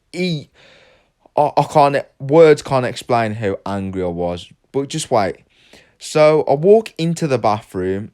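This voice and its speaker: A man's voice: on the low side, a little mellow. A teenage man telling a personal story casually, rambling with lots of fillers and swearing.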